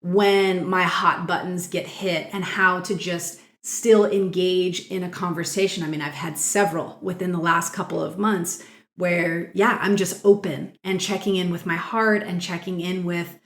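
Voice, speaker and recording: Musing lower-voiced woman host, echoey. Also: fairly even intonation, unhurried, a bit bright. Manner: thoughtful, musing, trails off with "um" and "I guess". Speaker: podcast host. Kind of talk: casual interview chat.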